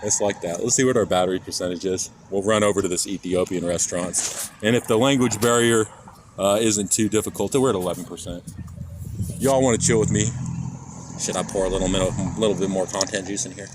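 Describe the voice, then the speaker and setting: IRL streamer, man from Kansas, lowish voice, loose profane rambling to chat, phone mic, loud traffic behind. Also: fairly even intonation, fairly quick. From Kansas, USA. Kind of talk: casual live-stream chat while walking. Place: outdoors on city streets. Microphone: handheld phone. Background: traffic and street noise.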